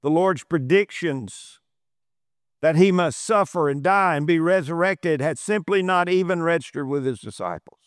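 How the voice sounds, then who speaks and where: A man's voice: a little high, animated, moderate pace, clean tone, no room sound, studio quality. A man preaching a sermon, emphatic and repeating phrases for stress. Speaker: pastor.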